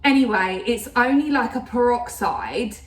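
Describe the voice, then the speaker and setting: A woman's voice: on the high side, lively intonation, normal speed, noisy background. A woman in her thirties chatting casually to camera in a rambling way, full of fillers. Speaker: vlogger. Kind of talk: casual chat. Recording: roomy sound, voice a bit distant.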